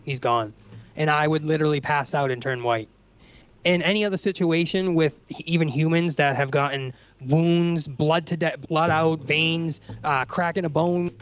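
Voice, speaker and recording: A man's voice: a little high, fairly even intonation, moderate pace, clean tone. A man on a casual livestream telling a rambling story, swearing often and saying bro and dude. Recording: dry, dull lo-fi mic.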